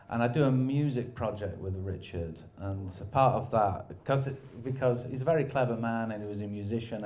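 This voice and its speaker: A man's voice: fairly low pitch, darkish tone. A man telling rambling, self-deprecating stories in casual chat, laughing often.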